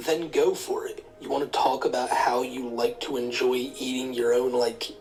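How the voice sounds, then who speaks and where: A man's voice: mid-range voice, flat delivery, normal speed, darkish tone, distant mic, poor audio. Sardonic man narrating commentary over music.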